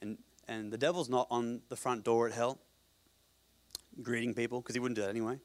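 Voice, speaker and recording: A man preaching a sermon as pastor at a church service, swinging between loud emphatic passages and quiet low asides. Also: steady tone, a little fast.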